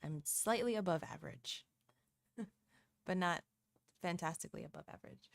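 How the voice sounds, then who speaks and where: A woman's voice: fairly low pitch, normal speed, gravelly, dry recording. A young woman illustrator chatting casually on a live art stream, hesitant with lots of ums and frequent laughs, into a desk microphone.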